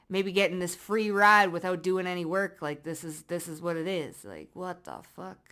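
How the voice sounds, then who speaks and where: A woman giving a casual tarot reading to her viewers, blunt and profane, swinging between loud emphatic bursts and low muttered asides. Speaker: psychic tarot reader.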